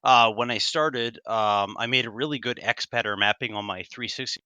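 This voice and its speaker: A man's voice: mid-range voice, moderate pace, bright, forceful tone, clear, resonant tone, no room sound. A man speaking as a guest player over voice chat, brief and matter-of-fact. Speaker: guest player from a game outfit. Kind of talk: casual voice chat.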